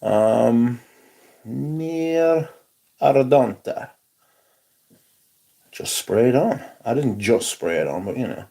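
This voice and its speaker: A man's voice: on the low side, expressive, measured pace, creaky, hardly any pauses, mellow, breathy edge. A man hosting a casual live stream, chatting wryly and greeting viewers by name. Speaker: livestream host.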